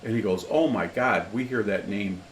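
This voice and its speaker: A man's voice: lowish voice, normal speed. A man co-hosting a whiskey podcast, telling a rambling anecdote in casual chat. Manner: rambling storyteller, many restarts and "blah, blah, blah". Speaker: podcast co-host. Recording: echoey room, faint background noise.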